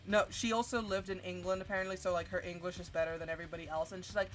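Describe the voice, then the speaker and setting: A woman streamer telling a story in a casual, animated rant full of swearing, with big jumps in pitch. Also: fast, few pauses. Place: home streaming setup. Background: faint music.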